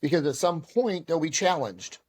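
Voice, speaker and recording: A man with a fairly high voice telling stories on a podcast. He is animated and self-deprecating as he looks back on his karate training. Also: normal speed. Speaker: podcast guest, karate instructor. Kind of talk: storytelling in casual conversation.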